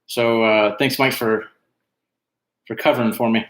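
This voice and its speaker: Chatty trivia host in an echoey room. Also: male voice, mid-range voice, steady tone, measured pace, fairly bright tone. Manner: chatty, reads out team names, frequent "uh" fillers. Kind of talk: casual livestream chat.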